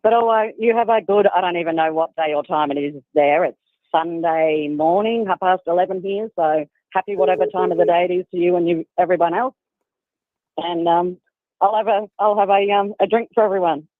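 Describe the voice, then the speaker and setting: A woman's voice: lowish voice, a little fast, no echo. A woman from Australia with an Australian accent, calling in to a show and chatting casually, laughing often. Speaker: caller. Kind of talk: casual phone call. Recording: tinny phone line.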